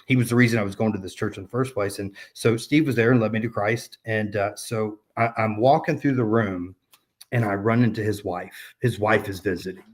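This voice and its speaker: A man's voice: lowish voice, fairly even intonation, fairly quick. Guy in his 30s rambling through a faith story, lots of ums and restarts, casual podcast chat. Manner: rambling, many fillers and restarts. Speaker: podcast guest.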